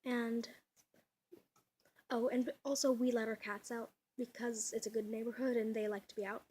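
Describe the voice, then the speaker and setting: A woman's voice: fairly high pitch, flat delivery, moderate pace, darkish tone, breathy edge. A young woman vlogging at home, chatty and giggly, rambling with lots of fillers, her voice a little off. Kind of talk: casual home vlog. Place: at home indoors. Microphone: camera mic.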